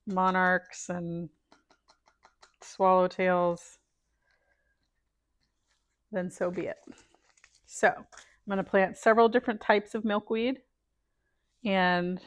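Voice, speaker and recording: This woman's voice sits fairly low, with no echo around it. She's a middle-aged gardening vlogger planting seeds inside her home, chatting casually, thinking out loud and sinking into murmurs as she sorts through packets.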